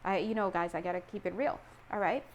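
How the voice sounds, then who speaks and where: A woman giving a casual tarot reading, animated and playful, acting out little scenes and laughing often. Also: lowish voice, fast talker, slight background noise. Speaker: tarot reader.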